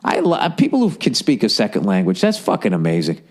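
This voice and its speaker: A man's voice: on the low side, huge pitch swings, a little fast. A middle-aged man, hosting a podcast in a casual, profane, exasperated monologue that rambles between thoughts. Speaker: podcast host.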